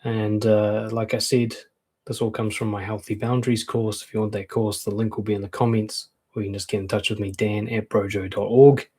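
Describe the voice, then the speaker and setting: Husky-voiced man giving frank advice. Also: fairly low pitch, little pitch movement, fairly quick, mellow. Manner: frank, conversational, acts out quoted comebacks. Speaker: dating and confidence coach. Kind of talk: casual advice talk to camera.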